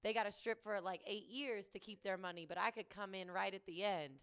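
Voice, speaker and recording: Bright, blunt woman joking around. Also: mid-range voice, fairly even intonation, fairly quick, smooth. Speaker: podcast co-host. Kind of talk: casual chat.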